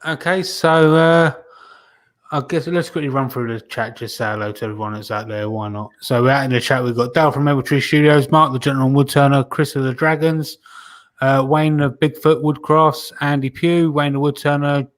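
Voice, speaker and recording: A man hosting a podcast, wrapping up the show and reading names from the chat in a relaxed way, with plenty of fillers. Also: medium pitch, normal speed. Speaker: podcast host. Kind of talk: casual podcast wrap-up.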